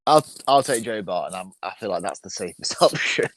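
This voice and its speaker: A man's voice: low voice, animated, fairly quick, fairly bright tone. A man co-hosting a casual podcast chat, stammering and laughing often. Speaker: podcast co-host.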